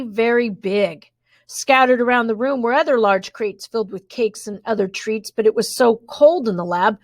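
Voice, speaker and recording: Brief: bright-voiced woman narrating a kids' storybook, expressive, with wry asides, dry close sound. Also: a little high, dry recording. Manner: reads expressively, adds wry spoken asides. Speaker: storybook reader. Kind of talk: children's book read-aloud.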